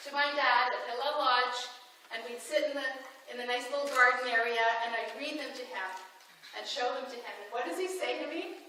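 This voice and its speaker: A high, bright-voiced woman tells stories on stage with animated feeling. She is heard from a distance in a very echoey hall with a faint hiss behind her. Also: brisk. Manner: animated, emotional storytelling. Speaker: inspirational speaker. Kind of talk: keynote storytelling speech.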